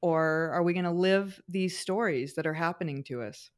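A middle-aged woman, a guest on a talk show, telling personal anecdotes in an expressive, animated way. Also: lowish voice, moderate pace. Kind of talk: conversational storytelling.

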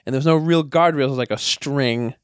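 A man's voice: mid-range voice, normal speed, clean tone, no room sound, clean studio sound. A man telling a story in casual podcast chat, rambling with many fillers and frequent laughs. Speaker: podcast guest, wrestler.

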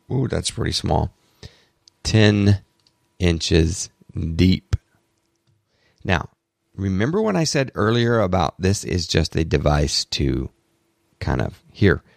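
A man hosting a solo tech podcast, talking in an excitable, rambling way and correcting himself, bothered by allergies. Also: sits low, creaky, no echo, studio quality. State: allergies, throat clearing. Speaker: podcast host.

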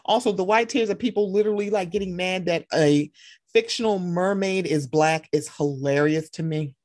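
A young woman co-hosting a podcast, chatting casually and animatedly, often jumping into excited quoted voices. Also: normal speed, no room sound, studio quality. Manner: animated, jumps into high excited voices when quoting. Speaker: podcast co-host. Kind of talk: casual chat.

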